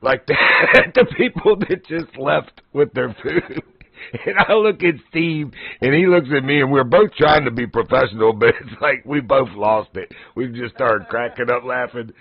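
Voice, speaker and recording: Speaking at a moderate pace with a creaky, medium-pitched voice, a man tells casual stories on his livestream in a folksy manner, often laughing. There's no room sound, just dull, dry lo-fi stream audio.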